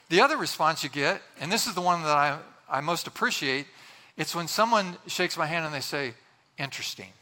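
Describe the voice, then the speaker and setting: A man's voice: a little high, sharp tone, long reverb tail. A man preaching a sermon as pastor, earnest and conversational, often restarting his sentences.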